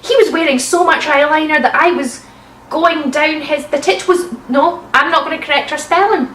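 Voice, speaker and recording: A woman's voice: sits high, normal speed, fairly bright tone, a little hiss or hum. A young woman reading bad fanfiction aloud and breaking off for sarcastic, swearing asides. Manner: sarcastic, swears, bursts into laughter. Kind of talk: comic dramatic reading with mocking asides. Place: room at home. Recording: roomy sound, slightly distant mic.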